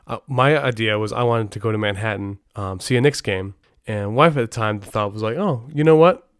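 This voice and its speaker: A man's voice: fairly low pitch, brisk, a bit bright, smooth, no echo. A man hosting a casual podcast, telling rambling, anecdotal stories over a close mic. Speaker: podcast host.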